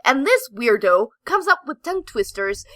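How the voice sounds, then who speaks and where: Bubbly young woman from Eastern Europe, podcast co-host, very lively pitch, dry close sound. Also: moderate pace, no echo. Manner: bubbly, excitable. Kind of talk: casual podcast chat.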